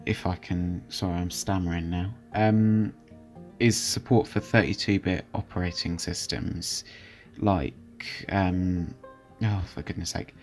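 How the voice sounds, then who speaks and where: Chatty young man with a low voice. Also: steady tone, unhurried, soft background music. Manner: chatty, hesitant, many fillers and restarts. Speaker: channel host reviewing software. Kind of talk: casual screen-recorded commentary.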